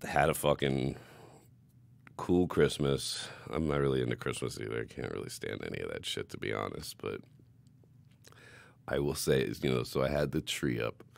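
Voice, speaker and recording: Very deep gravelly man, profane storyteller. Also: expressive, moderate pace. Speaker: podcast co-host. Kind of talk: casual chat.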